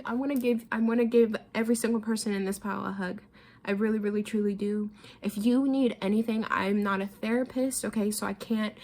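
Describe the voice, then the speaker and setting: A woman's voice: medium pitch, darkish tone. A young woman giving a tarot reading, emotional and casual, often repeating herself and swearing freely. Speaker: tarot reader. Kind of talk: pick-a-card tarot reading.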